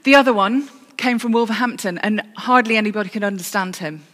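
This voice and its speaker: A woman's voice: mid-range voice, a little fast, fairly bright tone. Woman preaching in a reverberant church. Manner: storytelling with self-corrections and dry humour. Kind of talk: sermon.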